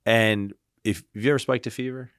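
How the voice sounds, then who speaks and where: A man with a very deep voice talks as a podcast guest and clinician. His delivery is animated and casual, full of "like" and "right?", with the odd casual swear. The sound is dry, with no room in it. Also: a little fast, smooth, dry recording. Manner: animated, tags lines with "right?" and "like". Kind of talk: casual interview storytelling.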